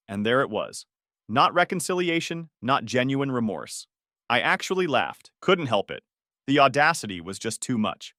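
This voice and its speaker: A man's voice: medium pitch, big pitch swings, moderate pace, a bit bright, no echo. A man narrating a first-person story in a dry, sarcastic manner, close to the mic.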